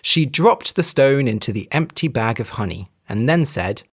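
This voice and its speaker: An English teacher reading a children's story aloud for learners, clear and expressive. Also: mid-range voice, normal speed, few pauses.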